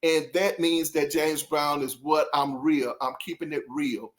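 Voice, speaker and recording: A man's voice: fairly high pitch, fairly even intonation, measured pace. A man hosting a casual album review, rambling and interrupting himself, often breaking into laughter and apologizing as he talks straight to his viewers. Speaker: music reviewer host.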